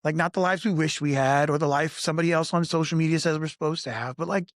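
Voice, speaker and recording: A man with a fairly high voice speaks in a lively, candid way on a podcast panel, often saying "like" and acting out the people he quotes. The sound is close and dry, with no room around it. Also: fast talker, no echo. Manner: animated, acts out quoted voices, frequent "like". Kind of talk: candid conversational storytelling.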